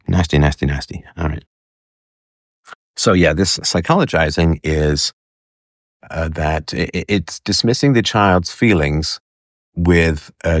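A man giving commentary as he reads an article and reacts to a clip, halting with fillers and scornful asides. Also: rumbling low, no room sound, studio quality.

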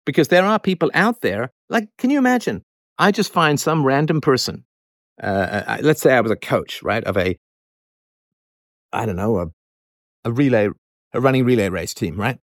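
A man's voice: medium pitch, animated, moderate pace, pauses often, dry recording. Emphatic lecturing man, dry sound. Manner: emphatic, lecturing, with mocking acted-out asides. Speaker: show host. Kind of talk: casual spoken monologue.

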